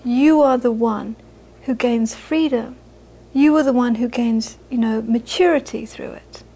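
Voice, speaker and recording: A woman's voice: on the high side, measured pace, mellow, slightly rough. A British woman, a Buddhist teacher, giving a dharma talk to a live audience, earnest and repeating phrases for emphasis, with frequent laughter.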